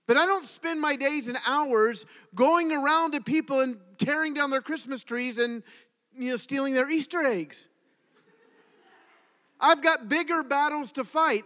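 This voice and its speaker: A man preaching a sermon to his congregation, telling stories in an animated way and asking the audience questions. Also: very high voice. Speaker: pastor. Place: congregation hall. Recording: reverberant hall.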